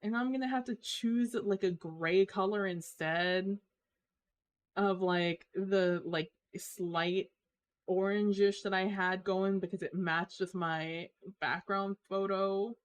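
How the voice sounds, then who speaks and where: Woman streamer ranting slow and dramatic, lots of groaning, drags her words out. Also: medium pitch, fairly even intonation. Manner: exasperated, dramatic complaining with drawn-out groans. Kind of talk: casual live-stream chat.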